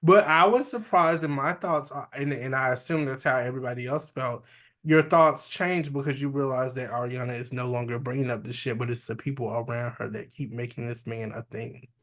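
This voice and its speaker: A man co-hosts a relaxed gossip podcast. He reads the news items aloud at a middle pitch and then gives his candid opinions, swearing freely. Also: fairly quick. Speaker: podcast co-host. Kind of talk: casual gossip chat.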